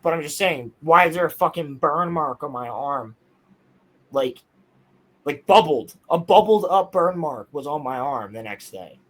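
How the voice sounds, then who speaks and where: A young man telling a strange personal story in casual podcast chat, excitable, insistent and full of swearing. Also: on the high side, unhurried, poor audio.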